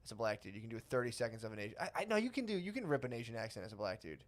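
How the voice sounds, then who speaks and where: Dude talking fast on a podcast, mid voice, tells stories, swears. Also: male voice, medium pitch, very animated. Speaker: podcast co-host. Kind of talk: casual chat.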